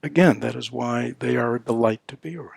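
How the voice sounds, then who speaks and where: An older man, a Buddhist dharma teacher, speaks at a retreat in a mid-range, creaky, husky voice that runs a little fast, with no echo. His talk is conversational, peppered with "you know" and "right?", and now and then he slips into playful baby-talk examples.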